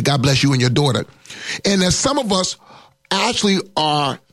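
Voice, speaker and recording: High-voiced man preaching emphatically. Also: a bit bright, husky, dry recording. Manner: emphatic preaching, drawn-out words and rising pitch for emphasis. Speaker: pastor. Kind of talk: sermon.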